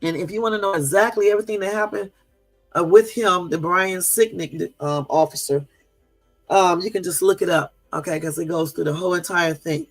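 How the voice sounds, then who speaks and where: A livestream host with a gravelly, raised, high-pitched voice talks a little fast, rambling indignantly with plenty of "um"s. He chats casually with his live viewers, addressing and answering them directly, while soft music plays faintly in the background.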